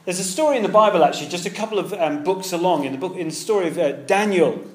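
A man preaching a sermon in an earnest, conversational way, moving between loud emphasis and hushed tenderness. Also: high-pitched, expressive, fast, roomy sound.

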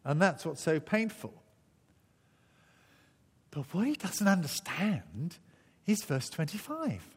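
A man's voice: fairly high pitch, huge pitch swings, slow pace, breathy edge. A man preaching a sermon, telling the story vividly and acting out the voices. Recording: echoey hall.

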